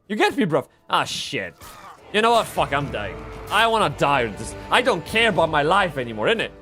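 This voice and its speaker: A man streaming a game live, rambling and swearing as he swings from excited yelling to low muttering. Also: fairly quick, slightly rough, faint music behind. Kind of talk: live gameplay commentary.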